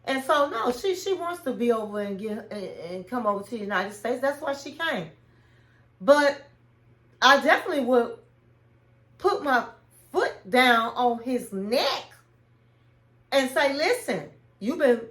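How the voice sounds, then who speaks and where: A woman's voice: fairly high pitch, lively intonation, unhurried, long pauses, a bit bright, echoey room. A woman hosting a reality TV recap, giving her opinions in casual commentary and acting out what people said. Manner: opinionated, retells scenes by acting out quotes.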